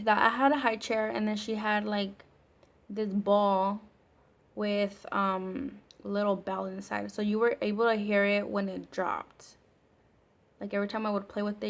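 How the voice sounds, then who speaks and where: A young woman vlogger telling a scary story in a chatty, casual way, full of fillers and the odd swear word. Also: medium pitch.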